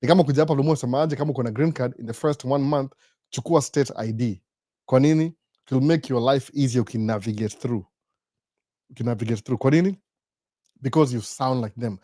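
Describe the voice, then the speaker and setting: A man hosts a live Q&A, talking in an animated way and answering his own rhetorical questions. His voice sits in a middle register. The sound is close and dry. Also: medium pitch, a little fast, no echo. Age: 40s. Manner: mixes English and Swahili, rhetorical questions, animated. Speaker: host. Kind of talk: live Q&A talk.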